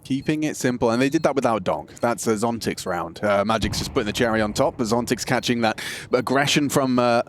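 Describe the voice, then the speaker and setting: A man giving color commentary on an esports match, chatty and analytical, jumping into excited reactions. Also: medium pitch, brisk, hardly any pauses, a little hiss or hum. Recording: broadcast mix with music underneath.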